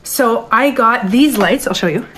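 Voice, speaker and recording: A middle-aged woman hosting a casual live stream from her den at home, slightly out of breath, chatting to viewers and reading their comments as she goes, with soft music playing behind her. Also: a little high, a little slow, slight background noise. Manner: chatty, self-interrupting, talks to viewers and reads their comments.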